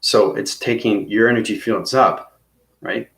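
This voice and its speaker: Man, lowish voice, rambling spiritual teaching, keeps checking in with the listener, roomy echo. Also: measured pace, vocal fry, a bit bright. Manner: rambling, repetitive, checks in with "okay?" and "right?". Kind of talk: casual instructional monologue.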